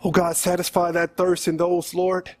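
An earnest male preacher delivers a sermon and then leads a prayer. His voice sits notably high for a man, and he pleads with his listeners, calling them "saints" again and again. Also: completely flat delivery, moderate pace.

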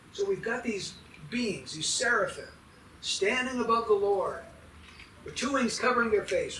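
A man's voice: high-pitched, sharp tone, roomy sound, recorded from a distance, slight background noise, rough recording. A man preaching a sermon as pastor, emphatic and putting questions to his congregation.

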